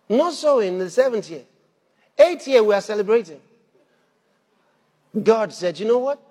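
A man preaching a sermon, animated, laughing between points and rising to shouts at the peaks. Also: high voice, normal speed, pauses often, slightly rough. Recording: long hall reverb.

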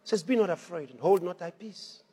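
A man preaching a sermon, animated, laughing between points and rising to shouts at the peaks. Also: high-pitched, moderate pace, slightly rough. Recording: long hall reverb.

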